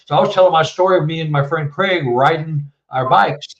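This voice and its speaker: In an interview, a guest author from Texas in his seventies rambles through a long story, restarting again and again. His fairly high, fairly bright voice is brisk, picked up by a muffled, distant mic in a roomy space.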